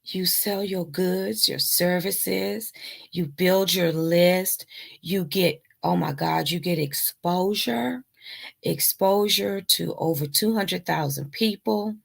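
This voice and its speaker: A woman co-host talks in a slow, unhurried way, and a gravelly fry runs through her voice. Her delivery is playful and lively in casual live promotional chat. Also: fairly low pitch. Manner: playful and lively, breaks into silly rhyming ditties. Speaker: co-host of a live online show.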